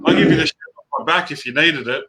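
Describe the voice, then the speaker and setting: A middle-aged Australian man co-hosting a casual chat show, talking in an animated, rambling, blunt way. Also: on the high side, fast talker, poor audio. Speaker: co-host.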